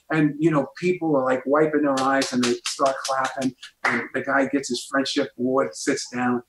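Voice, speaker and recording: A man's voice: medium pitch, steady tone, normal speed, few pauses, fairly bright tone, echoey room, low-quality recording. A man, a guest comedian telling a story on a talk show and acting out the voices in it.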